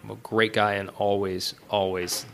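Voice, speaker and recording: A middle-aged man, a writer and director, talking casually as a podcast guest, animated, with many fillers and restarts. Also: lowish voice, measured pace, faint music behind. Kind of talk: casual interview talk.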